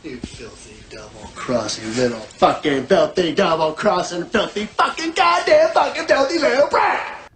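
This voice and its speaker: A man's voice: high-pitched, expressive, moderate pace, noisy background. An actor playing an unhinged, paranoid man who screams insults in rage, in a clip played from a movie. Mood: raging. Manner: yelling insults, cracking, frantic.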